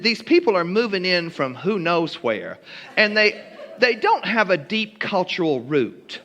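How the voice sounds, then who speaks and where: A man from Kentucky tells a humorous story with dry, mock-genteel wit and elaborate phrasing. His voice sits a little high and rings bright and forceful. It carries a long reverb, as in a church hall. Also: big pitch swings, unhurried.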